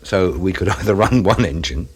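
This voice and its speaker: A man who served on an offshore radio ship tells, in an interview, a wry tale of events at sea, with quick asides. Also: low voice, expressive, slightly rough. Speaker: former crew member of an offshore radio ship. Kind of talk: reminiscing in an interview.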